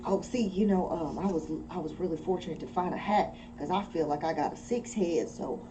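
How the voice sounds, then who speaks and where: A woman's voice: fairly low pitch, brisk. A woman playing a tabletop game who talks in a hesitant, wordy, giggly way. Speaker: player. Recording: distant mic with noise.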